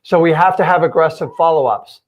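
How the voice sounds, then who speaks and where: A man's voice: on the high side, brisk, lo-fi sound. A man teaching in a live stream, punchy and emphatic, firing rhetorical questions at his viewers. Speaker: real estate coach.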